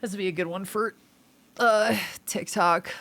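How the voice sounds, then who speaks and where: A woman's voice: medium pitch, steady tone, a little slow, fairly bright tone. A woman livestreaming and chatting casually with her viewers, playful and teasing as she jokes around. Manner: playful, teasing, joking with chat. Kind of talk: casual live-stream chat.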